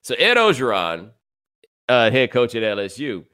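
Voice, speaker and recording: A man hosts a sports podcast and tells stories in a chatty, lively way. His voice is smooth and resonant, recorded close and dry with no room sound. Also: mid-range voice, normal speed, dry recording. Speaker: podcast host. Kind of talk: casual sports chat.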